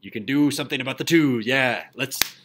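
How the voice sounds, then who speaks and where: A man's voice: medium pitch, a little fast, heavy background noise. Man, math teacher, upbeat and jokey, asks his class questions.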